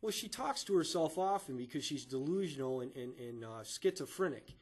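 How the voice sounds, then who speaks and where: A man giving emotional testimony in a courtroom, halting and stammering, often repeating his words as he recounts events. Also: medium pitch, lively intonation, husky.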